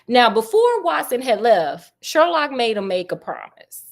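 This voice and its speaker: A woman's voice: fairly high pitch, sing-song, a little slow. A woman retelling a classic story in casual slang, tossing in joking asides.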